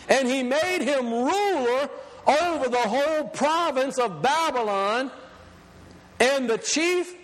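A man preaching a sermon, emphatic, reading scripture slowly and deliberately. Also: very high-pitched, fairly bright tone, long reverb tail.

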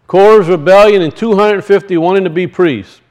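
A man's voice: high voice, a little fast, darkish tone. A man teaching the weekly Torah portion as a sermon, earnest and repeating key phrases for his listeners. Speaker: Bible teacher.

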